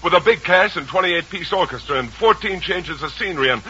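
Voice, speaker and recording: A bright, forceful male producer blusters and fumes in an old-time radio play. His tone has a husky edge and sits a little high. The sound is dull and lo-fi, like an old radio recording. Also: lively intonation, brisk, heavily acted. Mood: outraged. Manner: blustering, exasperated. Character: harried male Broadway producer, short-tempered. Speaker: theatre producer. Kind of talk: 1930s radio acting.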